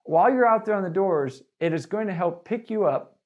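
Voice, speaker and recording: Energetic man coaching door-to-door sales. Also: high-pitched, fairly quick, narrow, tinny audio. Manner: energetic, filler-heavy. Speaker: sales trainer. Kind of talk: sales training talk.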